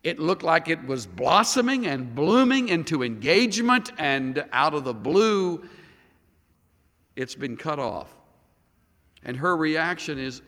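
A man's voice: on the high side, big pitch swings, slow pace. Dramatic preacher man in a reverberant hall. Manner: dramatic, swings from loud to hushed. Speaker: pastor. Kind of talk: sermon.

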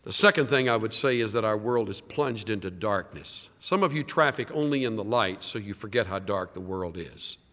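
Preaching man with big loud-soft swings. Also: on the low side, animated, normal speed, hardly any pauses, long reverb tail. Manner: dramatic swings from loud to hushed. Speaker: pastor. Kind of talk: sermon.

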